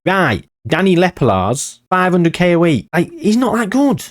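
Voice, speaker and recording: A man talks through a football management game in a casual, sarcastic way. His pitch swings around a lot, and he swears often and hops from point to point. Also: big pitch swings, moderate pace, few pauses. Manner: sarcastic, swears freely, jumps between topics. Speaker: gaming YouTuber.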